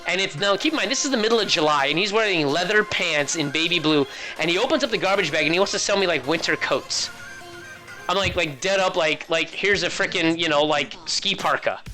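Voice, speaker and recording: A man's voice: high voice, lively intonation, quick pace, sharp tone, faint music behind. A man casting a game tournament, chatting casually and rambling through joking stories. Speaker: esports caster. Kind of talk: casual chat.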